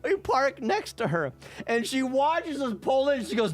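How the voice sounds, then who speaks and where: An animated man streamer tells casual stories in a fairly high voice that rises and falls a great deal. He swears freely and laughs often. Faint music plays in the background. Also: measured pace. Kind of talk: casual storytelling on a live stream.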